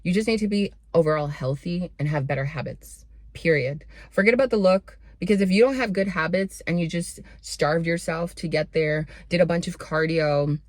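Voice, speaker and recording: A woman's voice: fairly low pitch, moderate pace, few pauses, a little mellow, no echo, clean studio sound. A young woman giving a sassy, blunt motivational pep talk straight to her viewers and calling them honey and babe. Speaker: self-improvement vlogger.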